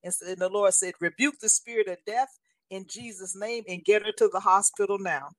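A woman's voice: medium pitch, steady tone, fairly quick, no echo. A woman in her sixties telling a personal faith testimony in an earnest, storytelling way, often passing on what others told her. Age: 60s. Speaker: guest sharing a testimony.

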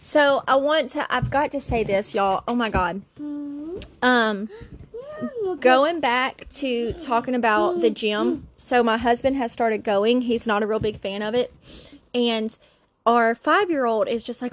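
A woman's voice: on the high side, a little slow, slight background noise. A woman, hosting her own podcast and telling funny family stories in a chatty, playful way. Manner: chatty, laughing, playful impressions. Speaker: solo podcast host. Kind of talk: casual storytelling chat.

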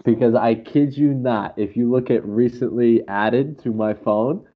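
A man chatting casually and telling animated, laughing stories. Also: mid-range voice, unhurried, a little hiss or hum. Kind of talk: casual chat. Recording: dull lo-fi audio.

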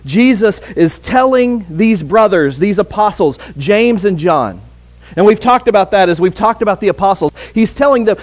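High-voiced man preaching a sermon. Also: expressive. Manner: earnest, halting with repeated words. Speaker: pastor.

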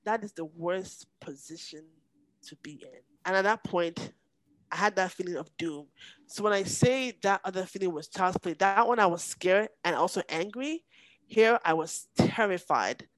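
A woman, a podcast guest telling a painful personal story in an intense, halting way that sometimes breaks off with emotion. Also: lowish voice, no echo, low-quality recording. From Nigeria.

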